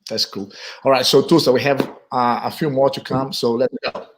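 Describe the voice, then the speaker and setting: A man's voice: medium pitch, fairly even intonation, normal speed, noisy background. A man hosting a casual live chat show, hesitant and searching for words, with many restarts. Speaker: host.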